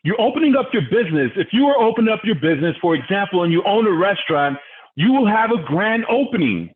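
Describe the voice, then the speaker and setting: A high-voiced man leads a business training over a conference call and gets fired up as he goes. His delivery is preachy and energetic, and he keeps asking his listeners questions. The audio is thin and tinny, like a phone line. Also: quick pace.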